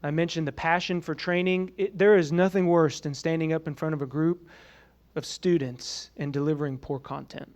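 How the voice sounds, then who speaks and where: A man's voice: on the high side, fairly even intonation, normal speed, a little mellow. A man giving a conversational conference presentation to a room of colleagues, often saying "you know" and asking the audience questions. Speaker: presenter at a training summit.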